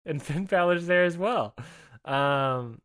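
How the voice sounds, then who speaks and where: A man's voice: on the high side, slow pace, fairly bright tone, clear, resonant tone. A man co-hosting a podcast, recapping wrestling in a rambling, upbeat way with many fillers and restarts. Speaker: podcast co-host. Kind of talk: casual wrestling recap chat.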